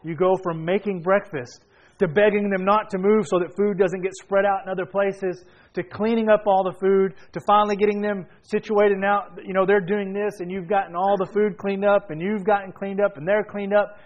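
A man preaching a sermon, telling a family story with animated energy and sudden bursts of shouting. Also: sits high, brisk. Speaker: pastor. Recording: dull lo-fi sound.

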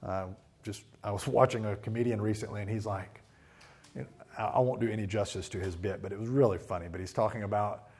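Gravelly-voiced male preacher. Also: fairly low pitch, fast. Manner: storytelling with animated acted-out quotes. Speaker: pastor. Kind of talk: sermon.

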